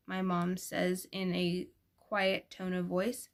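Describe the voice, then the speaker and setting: A woman narrating a first-person novel as an audiobook, gentle and expressive, changing her voice for the characters. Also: fairly low pitch, slow. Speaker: audiobook reader.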